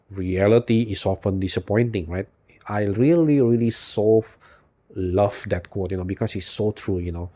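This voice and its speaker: Weary, rambling man with a low voice. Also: darkish tone. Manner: rambling, constant "you know" fillers, frequent swearing; weary, despondent and emotional. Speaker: YouTube channel host. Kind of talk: unscripted personal monologue.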